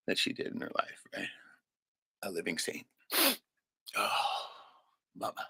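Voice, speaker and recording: A man's voice: lowish voice, huge pitch swings, measured pace, long pauses, bright, forceful tone, breathy edge, no echo. A man hosting a livestream, speaking an emotional, unscripted monologue in a raw, profane way, often tagging sentences with "right?". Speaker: livestream host.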